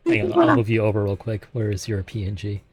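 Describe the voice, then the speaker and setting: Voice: mid-range voice, huge pitch swings, fast talker, breathy edge, soft background music. A podcast host reading audience questions from the chat in a casual way.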